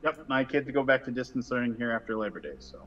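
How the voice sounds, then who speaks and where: A man's voice: mid-range voice, expressive, quick pace, a bit bright, highs cut off. A man hosting a board game session, chatting casually and explaining rules with dry sarcastic asides. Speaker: board game show host.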